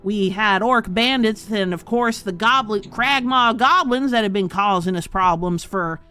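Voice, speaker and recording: A woman's voice: mid-range voice, unhurried, sharp tone, slight background noise. A woman doing a blustering, pompous townmaster. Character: pompous, balding, heavyset middle-aged townmaster.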